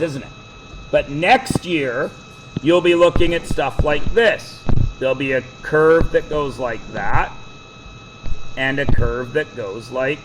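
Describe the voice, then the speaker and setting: A man teaching a math class, quizzing the students with quick questions and cracking jokes. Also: on the high side, background noise. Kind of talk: classroom lecture.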